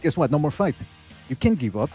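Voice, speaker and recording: A man co-hosting a boxing debate show, loud and taunting, repeating his insults over and over. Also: fairly high pitch, big pitch swings, brisk, faint music behind. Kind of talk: heated debate.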